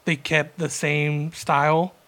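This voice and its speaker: A young man tells a slow, rambling story to his co-hosts. His voice sits a little high for a man and has a gravelly fry running through it. He talks in a loose, casual way with plenty of fillers. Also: level tone, fairly bright tone. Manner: rambling, laid-back storytelling with many fillers. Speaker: podcast co-host.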